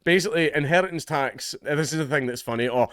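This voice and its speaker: A man's voice: a little high, fast, fairly bright tone, clean tone, no echo, studio quality. A Scottish man giving casual vlog commentary in a sardonic tone, laughing often as he talks. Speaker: political commentator.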